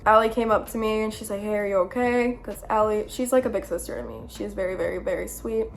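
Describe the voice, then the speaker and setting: A woman's voice: mid-range voice, animated, fast talker, slight background noise. A young woman telling a personal story to the camera in a chatty, earnest way, full of fillers. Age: young adult. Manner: chatty, lots of "like", earnest and self-conscious. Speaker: vlogger. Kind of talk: storytime vlog.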